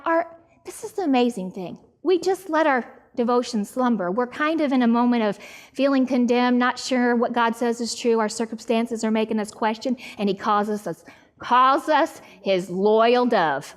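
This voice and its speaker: A middle-aged woman Bible teacher giving a passionate, pleading sermon with slow, emphatic delivery. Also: high voice.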